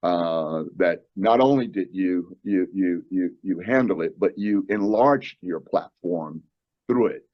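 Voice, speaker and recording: A male podcast host with a very low voice asks his guest a question. He stumbles and repeats words as he speaks, and the recording sounds dull and lo-fi. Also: takes it slowly. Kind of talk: interview question.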